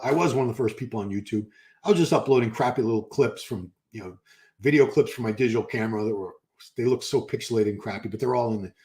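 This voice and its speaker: A man's voice: mid-range voice, darkish tone. An older man, chatting casually on a live stream and answering comments, rambling and correcting himself as he goes.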